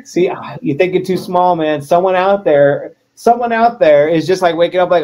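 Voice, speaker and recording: Joking, animated man in an interview. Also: high-pitched, moderate pace. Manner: joking, self-deprecating, animated. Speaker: wrestler, interview guest. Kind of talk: casual interview chat.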